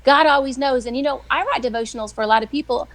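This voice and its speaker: A middle-aged woman, a weekly guest who writes devotionals, telling faith stories in a chatty, animated way. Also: sits high, fast. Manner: chatty, animated, acts out quoted voices. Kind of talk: casual faith storytelling on a live show.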